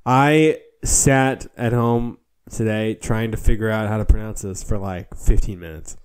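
A man's voice: lowish voice, fairly even intonation, a little slow, clear, resonant tone. A young man co-hosting a podcast in casual chat, wry and joking, laughing at his own lines. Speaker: podcast co-host.

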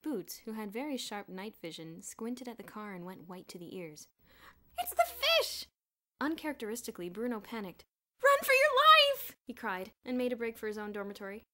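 A woman reading a children's novel aloud in a clear, even storytelling manner. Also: medium pitch, fairly quick, few pauses. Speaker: audiobook reader.

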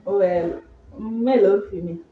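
A woman's voice: medium pitch, normal speed, narrow, tinny audio. A young woman from Kenya hosting a casual, playful question-and-answer chat with a friend. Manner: giggly, playful, teasing. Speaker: host. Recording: echoey room, distant mic, faint hiss.

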